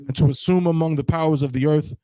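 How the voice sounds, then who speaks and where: A man in a class reading a document aloud, steady and plain. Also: fairly high pitch, fast talker, dry recording, poor audio. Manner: reads aloud steadily, urges "come on".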